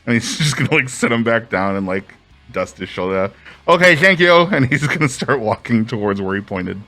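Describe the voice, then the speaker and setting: A man's voice: fairly low pitch, brisk, a bit bright, faint music behind. A man playing a tabletop game who swears and jumps in and out of his character's voice. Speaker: player. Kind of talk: tabletop role-play.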